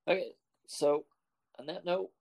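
A man's voice: fairly high pitch, unhurried, creaky, a little mellow. A man hosting a podcast in casual, joking chat, laughing often and rambling loosely. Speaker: podcast host.

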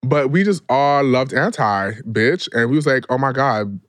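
A man's voice: mid-range voice, lively intonation, normal speed, a bit bright, dry recording. A man from New York co-hosting a podcast, with a mid-range voice. He chats in a casual, slangy, dramatic way, and the recording is dry and close. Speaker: podcast co-host. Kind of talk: casual chat.

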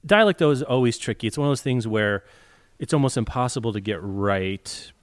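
This podcast co-host, a man not from the US South, talks through a casual book discussion in a wry, chatty way, with plenty of fillers and restarts. His medium-pitched voice is expressive and brisk, and there's no room sound.

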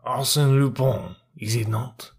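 A man voicing a stern old French detective who speaks with authority. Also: mid-range voice. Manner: authoritative, slow and gravelly.

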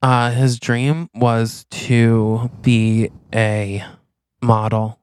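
A man's voice: medium pitch, level tone, darkish tone, smooth. A young man co-hosting a comedy podcast, improvising a silly story and acting out the dialogue of both characters. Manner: acts out both sides of a made-up scene, quick asides. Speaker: podcast co-host.

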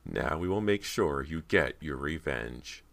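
A man voicing a sinister older woman who speaks slowly with false warmth. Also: rumbling low, animated, creaky, full character voice.

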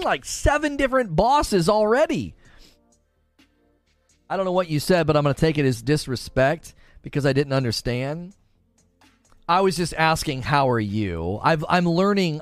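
A man with a slightly high voice, recorded with no room sound, runs a live stream. Chatting easily, he reads viewers' comments aloud and frequently breaks into laughter.

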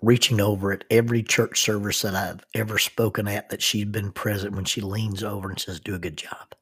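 A minister telling a personal story in an earnest, halting way, often restarting his sentences. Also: fairly low pitch, level tone, a bit bright, husky.

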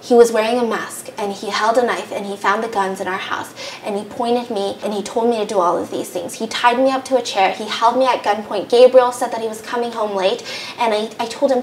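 Young woman, casual storytelling, animated, fairly high voice, roomy recording, faint noise. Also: fairly quick. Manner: animated, fillers like "like". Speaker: podcast host.

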